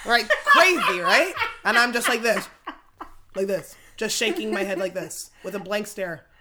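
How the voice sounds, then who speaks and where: A woman in her thirties telling a story in casual chat, laughing often and acting out other people's lines with big jumps in pitch. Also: normal speed, background noise. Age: 30s. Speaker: podcast guest telling a story.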